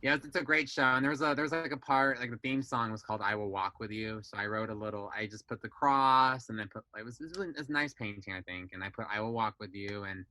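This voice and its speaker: A young man chats on a podcast in a bright, forward tone, recorded dry and close. He tells family stories candidly, swears freely and acts out his relatives' lines in a raised voice. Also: on the low side, fast, hardly any pauses, no echo, poor audio. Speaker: guest. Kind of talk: casual podcast chat.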